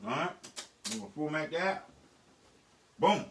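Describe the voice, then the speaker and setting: A man's voice: on the high side, animated, unhurried, fairly bright tone, a little hiss or hum. A middle-aged man, a beat producer, talking bluntly and profanely in a casual studio vlog. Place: home music studio. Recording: echoey room, mic at a distance.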